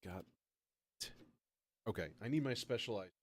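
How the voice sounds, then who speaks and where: A man's voice: lowish voice, measured pace. A man hosting a livestream, chatting casually and rambling as he works, often swearing and poking fun at himself. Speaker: livestream host building a modular synth. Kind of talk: casual livestream chat while working.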